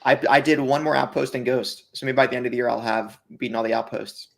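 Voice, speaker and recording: Gravelly man bantering on a podcast. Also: mid-range voice, fairly even intonation, fast. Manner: teasing, joking banter. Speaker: podcast co-host. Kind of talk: casual podcast chat.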